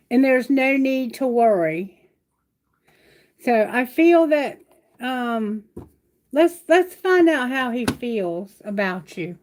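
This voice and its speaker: A high-pitched woman reads tarot on a live stream from home. She speaks affectionately to viewers and puts her questions aloud to Spirit. The recording carries a clear layer of background noise. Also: darkish tone, poor audio. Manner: affectionate, reassuring, calls viewers sweetheart and baby; asks questions aloud to Spirit while drawing cards. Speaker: tarot reader. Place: at home, near her bedroom.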